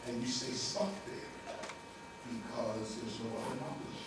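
A man giving a spiritual lecture, preachy and animated, with slangy street talk. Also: mid-range voice, unhurried, very echoey, distant mic, heavy background noise. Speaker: spiritual teacher.

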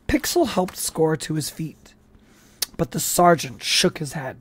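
A reader narrating a novel aloud chapter by chapter in an even, unhurried way. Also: medium pitch, breathy edge. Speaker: audiobook reader.

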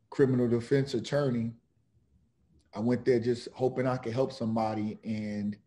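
A middle-aged man, an author and defense lawyer, speaking slowly and earnestly with many pauses, partly reading his own book aloud. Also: on the low side, dark tone. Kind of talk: reflective talk with read-aloud book passage.

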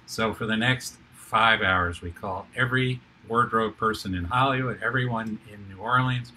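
Older male TV producer as guest; low-ish, very bright voice, lively storyteller. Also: normal speed, a little hiss or hum. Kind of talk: animated anecdotal storytelling.

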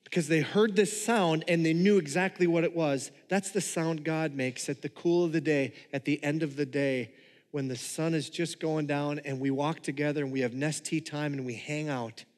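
A pastor delivering a sermon in a conversational manner, joking with the congregation. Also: male voice, fairly high pitch, steady tone, normal speed, in a large hall.

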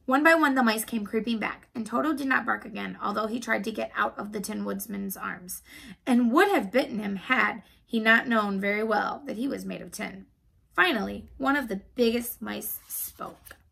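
A woman teacher reading a children's book aloud in a calm, clear storytelling manner. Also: medium pitch, normal speed, poor audio.

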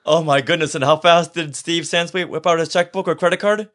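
A man's voice: on the high side, steady tone, a little fast, fairly bright tone. A man hosting a podcast, laughing and adding short remarks. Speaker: podcast host. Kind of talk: casual chat.

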